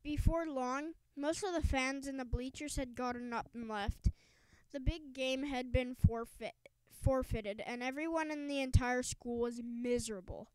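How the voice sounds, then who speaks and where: A woman reads a children's book aloud with an emphatic storytelling lilt, tripping over a word now and then. Her voice sits high and sounds smooth and clear. The recording is dry and close, with no room around it. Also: unhurried, no echo, low-quality recording. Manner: stumbles and restarts words while reading. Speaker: audiobook reader.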